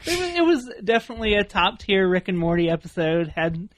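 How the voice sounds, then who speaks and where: A podcast co-host chatting casually, laughing often while telling stories and giving quick tips. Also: mid-range voice, big pitch swings. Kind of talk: casual chat.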